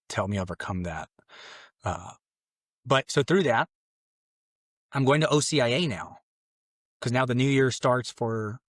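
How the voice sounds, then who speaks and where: A man's voice: dry recording, clean studio sound. A man from Mexico, a podcast guest telling his conversion story in a rambling, earnest way full of restarts. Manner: acts out his own past exclamations in a louder, higher voice. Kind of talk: personal conversion testimony in conversation.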